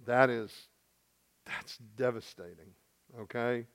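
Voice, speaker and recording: A male pastor from Arkansas, speaking, delivers a sermon in a smooth, resonant voice. He acts out the voices in the story, rising to loud, high bursts and then dropping to a hush. His pitch sits in the middle of the male range. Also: takes it slowly.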